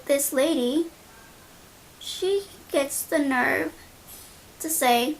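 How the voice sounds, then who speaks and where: A young woman beauty vlogger telling an animated, slangy story while doing her makeup. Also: high voice, extremely slow, long pauses. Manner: animated, slangy, dramatic retelling.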